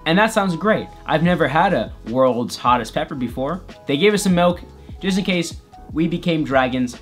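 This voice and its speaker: A man's voice: fairly high pitch, lively intonation, moderate pace, soft background music. A man vlogger narrating a comedic personal story in a playful, exaggerated way.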